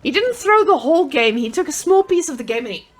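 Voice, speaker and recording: A woman casts a live strategy game match in an excitable, joking way. Her voice sits on the high side and swoops widely. She talks into a handheld microphone. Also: fast. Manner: playful, excitable, jokey. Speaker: esports caster.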